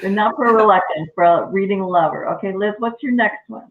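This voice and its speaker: A woman's voice: medium pitch, brisk. A middle-aged woman librarian hosting a casual chat, asking her guests questions in a chatty way. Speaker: librarian host. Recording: tinny phone-like audio in an echoey room.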